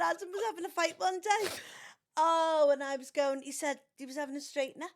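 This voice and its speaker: The podcast host's mother, an older woman, talks briskly in a high voice. In a relaxed storytelling chat, she recounts family anecdotes and acts out each character's words in raised voices.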